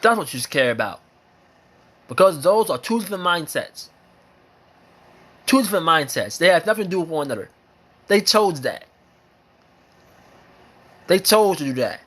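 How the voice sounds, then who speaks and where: A man's voice: fairly high pitch, very animated, normal speed, long pauses, a bit bright. An American man delivering an impassioned opinion monologue, emphatic and repetitive, hammering his points with repeated phrases and swearing. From United States. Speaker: vlogger sharing opinions.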